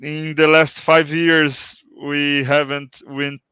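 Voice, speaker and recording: A man with a Brazilian accent speaks slowly and haltingly in English, his second language. His voice is bright and clear, heard over a dry, dull-sounding remote call line. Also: fairly high pitch, little pitch movement, no echo. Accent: Brazilian Portuguese. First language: Portuguese. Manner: slow, halting non-native English. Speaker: guest, poker player. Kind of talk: casual interview talk.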